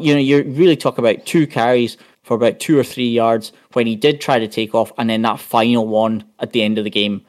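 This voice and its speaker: A man talking casually on a sports podcast, his voice sitting in an ordinary middle range. He rambles through plays and numbers and often restarts his sentences as he goes. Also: medium pitch. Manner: rambling, full of restarts and stats. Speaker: podcast panelist.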